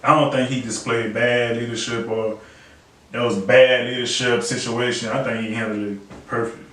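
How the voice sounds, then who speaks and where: A man in casual sports chat, loose and slangy, full of "you know what I'm saying." His voice sits at a middle pitch. He sounds a step back from the mic in a very echoey room, so the words ring off hard walls. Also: level tone, moderate pace, a bit bright, recorded from a distance. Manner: loose, slangy, acts out players' lines in a raised voice. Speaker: podcast co-host.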